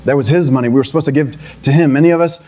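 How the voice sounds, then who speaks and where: A man's voice: fairly high pitch, rapid-fire, dark tone. A young adult man preaching a sermon in a conversational way, often restarting and then climbing into emphatic, pleading passages. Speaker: pastor.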